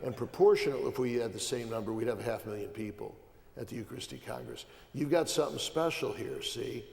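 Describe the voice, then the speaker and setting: On a panel, a Midwestern archbishop guest speaks fast in a creaky, slightly mellow mid-range voice. His conversational delivery is emphatic, full of repeated phrases and restarted sentences, with a long hall reverb around him.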